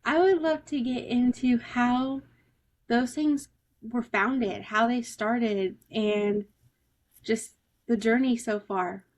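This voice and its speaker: Woman, podcast host, unhurried questions, slightly high voice. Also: fairly even intonation, darkish tone, rough recording. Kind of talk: interviewing a guest.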